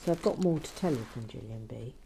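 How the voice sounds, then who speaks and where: A woman's voice: rumbling low, lively intonation, quick pace, creaky, dark tone, a little hiss or hum. A woman hosting a building-toy vlog, chatting casually and rambling with many fillers while she builds. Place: cold room at home.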